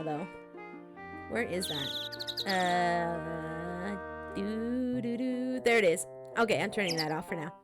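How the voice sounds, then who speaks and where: A woman streamer chatting casually with her viewers, in a chatty, relaxed and apologetic manner. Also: mid-range voice. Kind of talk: casual live-stream chat.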